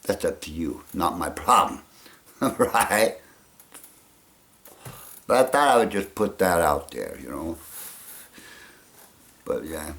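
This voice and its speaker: Man, gravelly voice, fairly low pitch, rambling casual vlog talk, frequent chuckles. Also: lively intonation, slow pace, long pauses, fairly bright tone. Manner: rambling, chuckling often, trailing off. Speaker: vlogger.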